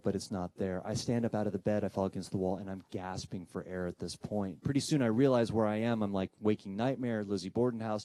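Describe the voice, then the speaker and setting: This paranormal investigator's low-leaning voice comes through with no echo as he relates a ghost story he lived through. He acts out the other people's voices with dramatic, animated flair, letting pauses hang to build the tension.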